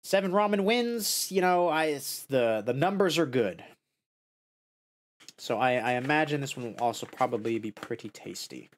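This man streams himself tasting snacks casually, speaking at a moderate pace. His excitement sends him into high squeals of joy and dismay, and then he murmurs while savoring.

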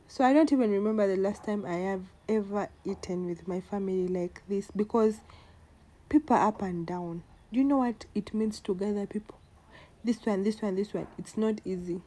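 A woman's voice: medium pitch, mellow. A woman, talking to the camera in a casual vlog, heartfelt and emotional, repeating words for emphasis. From Uganda. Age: 20s. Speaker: vlogger.

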